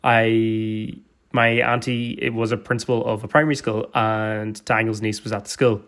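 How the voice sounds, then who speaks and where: A man's voice: lowish voice, little pitch movement, normal speed, fairly bright tone. A young man from Donegal with a Donegal Irish accent, telling rambling stories in casual chat and laughing often. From Donegal, Ireland. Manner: rambling storyteller, laughs often, many restarts.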